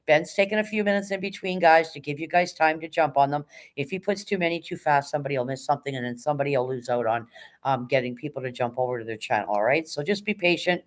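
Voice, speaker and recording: A woman's voice: low voice, quick pace. Hyped woman streamer with auctioneer patter. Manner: chatty, encouraging, swears casually. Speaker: livestream host reading chat. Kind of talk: casual live-stream chat.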